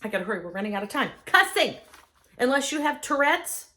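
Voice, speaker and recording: Animated woman with a lively high voice. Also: quick pace. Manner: chatty, self-mocking, acts out quoted people. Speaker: speaker giving advice. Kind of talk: humorous motivational talk.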